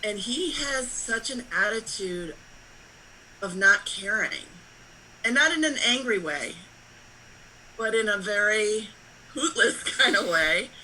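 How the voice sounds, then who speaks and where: A woman's voice: mid-range voice, expressive, takes it slowly, pauses often, bright, forceful tone, a little hiss or hum, rough recording. A woman asking a question on a video call, chatty and given to laughing as she tells her story.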